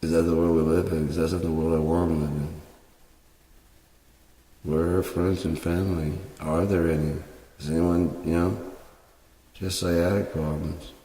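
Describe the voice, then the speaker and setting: A man rambling and swearing in a casual monologue while high on cannabis. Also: little pitch movement, normal speed, long pauses, dark tone. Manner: rambling, profane, drawling. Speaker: vlogger. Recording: echoey room, mic far off, faint hiss.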